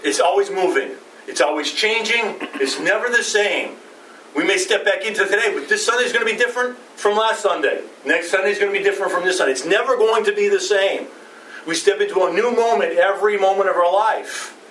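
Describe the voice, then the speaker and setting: Man, middle-aged, pastor, conversational sermon, rhetorical questions, slightly high voice, distant mic. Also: fairly quick, a bit bright. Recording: roomy, distant, faint ambient noise.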